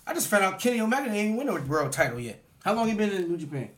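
A man's voice: high voice, sing-song, rapid-fire. A man co-hosting a podcast, arguing emphatically in a heated casual debate and repeating his points. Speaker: podcast co-host.

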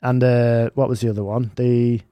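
A man chats loosely on his podcast, joking and swearing as he goes. His voice sits at an ordinary pitch. The recording is dry and close, with no room sound. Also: little pitch movement, moderate pace, mellow, no room sound. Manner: jokey, swears freely. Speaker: podcast co-host. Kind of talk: casual banter.

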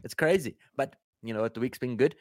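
A man's voice: medium pitch, quick pace, a little mellow, no room sound, clean studio sound. A man co-hosting a podcast, teasing and laughing easily in casual chat. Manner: laid-back, teasing, laughs often. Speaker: podcast co-host.

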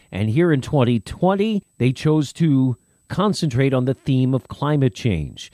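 A middle-aged man who is a meteorologist hosting a podcast, reading a scripted introduction in an upbeat, steady way. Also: fairly high pitch, dry recording, clean studio sound.

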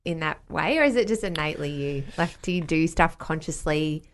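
A woman's voice: sits low, lively intonation, fairly quick, slight background noise. A woman hosting a casual interview, affirming her guest and asking reflective questions.

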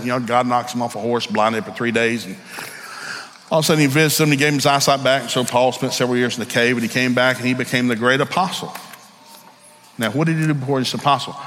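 A Southern man preaching to a crowd, his voice trailing a long hall reverb, with a soft wash of ambient noise behind. He is middle-aged, folksy and frank, and acts out the people in his stories. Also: medium pitch. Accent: Southern American. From Southern United States. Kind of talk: storytelling sermon.

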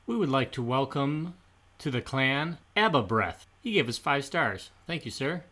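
A man's voice: medium pitch, lively intonation, measured pace, sharp tone. A man co-hosting a history podcast, bantering playfully and cracking small jokes. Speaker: podcast co-host. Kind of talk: casual podcast chat.

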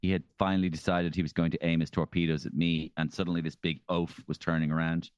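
Low-voiced Irish man telling stories. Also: quick pace, clean tone, dry recording, lo-fi sound. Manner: animated storyteller, slips into impressions. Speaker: guest comedian. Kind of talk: casual storytelling chat.

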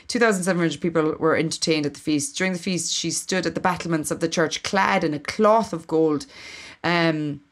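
Irish woman, low voice, casual podcast co-host, fillers and restarts. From Ireland. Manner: chatty, giggly, reads with fillers and restarts. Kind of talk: casual chat, reading history notes.

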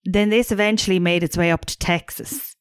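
Lower-pitched chatty woman podcaster. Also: steady tone, fairly quick, clean tone, dry recording, studio quality. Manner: chatty, swears casually, shares researched facts. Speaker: podcast co-host. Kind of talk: casual chat.

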